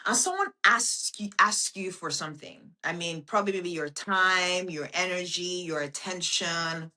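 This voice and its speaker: A podcast host gives a slow, intimate self-help monologue, speaking to the listener as a friend and swearing casually. Her voice is lowish with a sharp tone.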